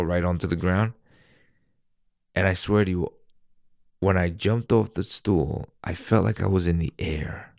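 Deep-voiced New man telling a story. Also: creaky, no echo, clean studio sound. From New York. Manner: rambling, animated, swears freely. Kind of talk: casual storytelling.

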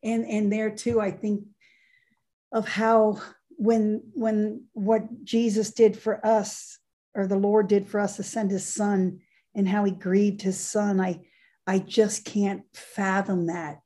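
A middle-aged woman hosts a conversation about faith, her tone gentle and reflective. Her voice is mellow and relaxed, and she keeps affirming her guest. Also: mid-range voice, slow. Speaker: host. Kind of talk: faith interview chat.

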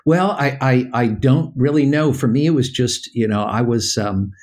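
Older American male guest, halting storyteller who acts out voices, casual interview. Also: mid-range voice, a little mellow. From United States.

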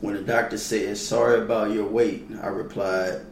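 Laid-back male podcast host, low and gravelly, slangy banter, roomy echo with faint hiss. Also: flat delivery, slow, long pauses. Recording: echoey room with faint noise.

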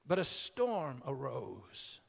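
A middle-aged man preaching a sermon as a pastor in a church, moving from storytelling to loud, emphatic preaching. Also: mid-range voice, very animated, slow pace, creaky, husky. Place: church sanctuary. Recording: long hall reverb.

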